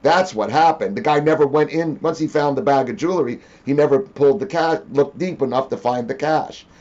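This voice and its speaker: A man hosting a casual interview tells his stories with energy and acts out each voice in the dialogue. His voice has an average pitch, and the recording sounds a little dull and muffled. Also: brisk. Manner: animated, acts out quoted dialogue. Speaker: interview host.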